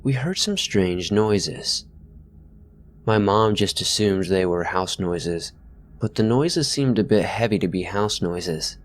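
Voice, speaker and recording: A man reading first-person horror stories aloud as scripted narration, at a steady pace. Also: fairly low pitch.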